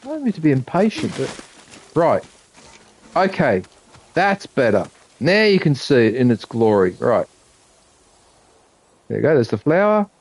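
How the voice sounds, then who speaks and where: A man's voice: mid-range voice, very animated, unhurried, long pauses, slightly rough. A man chatting casually on a live game stream, muttering to himself and swearing when frustrated. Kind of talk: casual live-stream chat while gaming.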